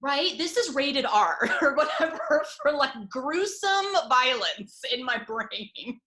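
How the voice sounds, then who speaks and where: A woman speaking as a guest coach in a candid interview, animated and laughing often as she acts out inner voices, heard over a video call. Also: high voice, slow.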